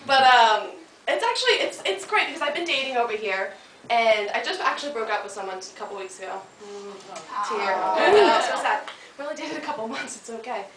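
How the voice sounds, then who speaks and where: On stage at a comedy club, a woman from the United States runs a playful, chatty stand-up set, ribbing the audience and slipping into silly voices. Her voice is a little high, expressive and fairly quick. The club is echoey, the mic sounds distant, and laughter rises from the crowd.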